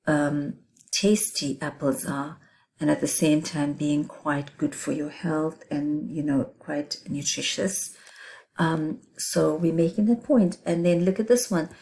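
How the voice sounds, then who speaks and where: A middle-aged woman teacher explains writing techniques for an exam, leaning hard on key words and checking in with her students. Her voice sits low and sounds warm and mellow. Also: slow pace, creaky. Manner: emphatic, explains with examples and checks in with "right?". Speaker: English teacher. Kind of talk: exam revision lesson.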